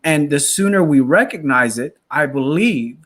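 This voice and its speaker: A man's voice: on the high side, lively intonation, moderate pace, fairly bright tone. A man hosting an interview, reflecting thoughtfully, with frequent restarts and repeated words. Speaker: host. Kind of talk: casual faith interview.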